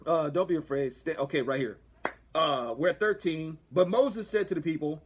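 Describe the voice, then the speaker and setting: Husky high-voiced man, rambling. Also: normal speed. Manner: rambling, many restarts, chuckling asides. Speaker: livestream host. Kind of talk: casual livestream Bible commentary.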